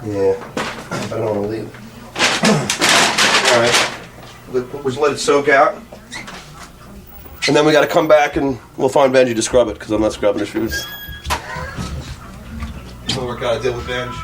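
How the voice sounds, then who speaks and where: A man talking casually, defensive and halting, with many restarts, on a noisy recording. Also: mid-range voice. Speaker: radio show staffer.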